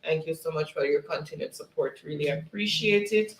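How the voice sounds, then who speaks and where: A man's voice: fairly high pitch, a little fast, reverberant, slight background noise, poor audio. A man hosting a casual livestream, reading viewers' comments aloud in a friendly way and laughing often. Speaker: livestream host.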